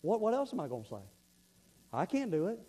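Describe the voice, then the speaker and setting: A man preaches from the pulpit in an earnest, storytelling way. His voice sits high, and he often doubles back on words as he builds a point. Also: huge pitch swings, fairly quick, mellow, rough recording. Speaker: pastor. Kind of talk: sermon.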